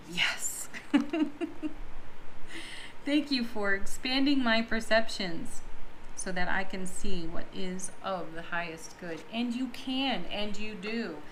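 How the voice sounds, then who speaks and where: A woman giving a daily tarot reading to viewers, with soft, drawn-out affirmations and breathy little laughs. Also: medium pitch. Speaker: tarot card reader. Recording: echoey room with clear background noise.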